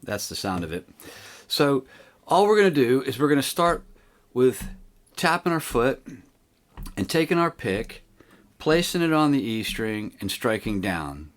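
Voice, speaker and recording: A man giving a casual guitar lesson on video, explaining in a relaxed, rambling way and counting the picking aloud. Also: medium pitch, a little slow, pauses often. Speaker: guitar teacher. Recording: loud guitar playing behind.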